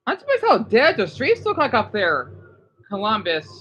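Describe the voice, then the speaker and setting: A man chatting casually on a live stream, reacting to viewer comments in a rambling, animated way. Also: high-pitched, moderate pace, slightly rough, rough recording. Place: home room, keeping voice down.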